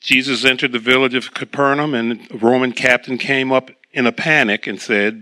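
A man's voice: mid-range voice, steady tone, moderate pace, few pauses, pushed and bright. A man preaching a sermon, reading scripture aloud and then explaining it in a conversational way.

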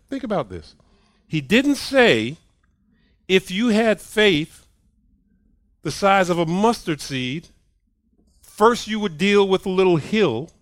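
A man with a high voice preaches a sermon, hammering his points home and repeating key lines. He drops to soft asides and rises to loud declarations. The sound is close and dry, with no room around it. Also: dry recording. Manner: emphatic, punches points with "period" and repeats lines; lively swings from soft to loud.

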